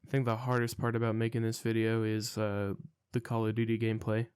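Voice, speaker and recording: A man's voice: lowish voice, monotone, a little fast, a little mellow, clean tone, dry recording, clean studio sound. A young man telling a rambling, profane story in a casual vlog monologue, sounding incredulous. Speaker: storytelling vlogger.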